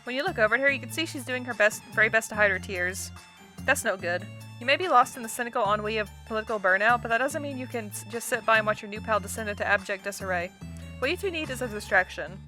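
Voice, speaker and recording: Brief: woman let's-play host, reads game text aloud casually, slightly high, bright voice. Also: quick pace, soft background music. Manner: casual, chatty, stumbles and laughs at the script. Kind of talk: reading a visual novel aloud with commentary.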